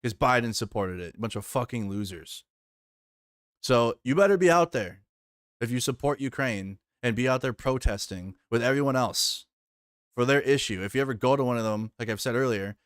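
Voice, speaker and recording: Man, mid-pitch, dry close mic, heated profane rant, repeats himself. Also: no echo. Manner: heated, swearing, repetitive. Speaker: streamer reacting to news.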